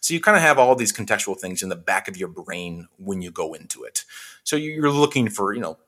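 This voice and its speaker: A young man from Western Washington, a film editor, telling a story in a casual interview, full of "likes" and quick restarts, acting out the people he quotes. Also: lowish voice. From Western Washington, USA. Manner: animated storyteller who acts out quoted exchanges; frequent likes and self-restarts.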